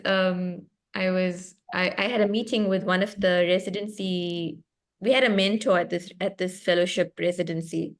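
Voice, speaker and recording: A woman's voice: medium pitch, normal speed. A young woman from South Africa with a South African accent, an author animatedly telling a story on a video call, laughing often and restarting her sentences. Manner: animated, laughing, lively and expressive, with self-interruptions. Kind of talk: storytelling in a book club chat. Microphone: computer mic on a video call.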